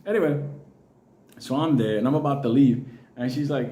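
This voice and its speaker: Man, Puerto Rican, casual profane storytelling, laughing, mellow voice, echoey room. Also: medium pitch, moderate pace, pauses often.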